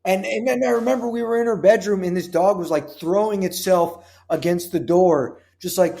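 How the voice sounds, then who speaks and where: A man's voice: high-pitched, normal speed, dark tone. A man, a comedian and actor, guesting on a chatty podcast and telling rambling, casual anecdotes. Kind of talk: casual chat.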